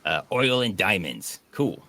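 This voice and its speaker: A man's voice: sits low, sing-song, a little slow, very noisy. A man hosting a casual online chat, joking and sarcastic. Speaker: podcast host.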